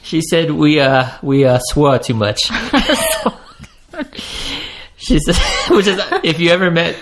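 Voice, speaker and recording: A man's voice: a little high, takes it slowly, slight background noise. A man co-hosting a casual podcast chat, swearing freely and laughing often. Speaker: podcast co-host.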